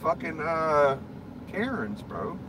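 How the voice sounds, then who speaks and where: A man with a fairly high voice rants in a loose, rambling way, swearing constantly and speaking bluntly. He records from inside a car, with road and engine noise clearly audible behind him. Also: big pitch swings, takes it slowly. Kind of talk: casual ranting chat.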